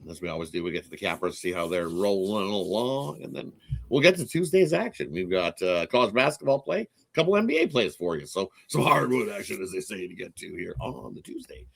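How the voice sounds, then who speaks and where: A man's voice: big pitch swings, brisk, vocal fry. A man from Canada hosting a sports betting show, chatty and upbeat as he runs through picks. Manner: upbeat, chatty, jumps in pitch and loudness. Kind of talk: casual betting talk.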